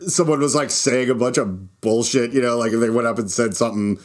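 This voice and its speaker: A man's voice: medium pitch, a little fast. A man hosting his own show, a stand-up comic talking in a casual, rambling monologue, restarting sentences and laughing at his own jokes. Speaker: podcast host and stand-up comic.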